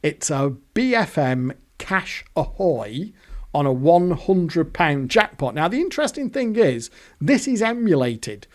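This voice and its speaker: A man's voice: a little high, very animated, measured pace. An English man telling a rambling, chatty story over pictures as host of a gambling video channel. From England. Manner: rambling, chatty, self-correcting, swears casually.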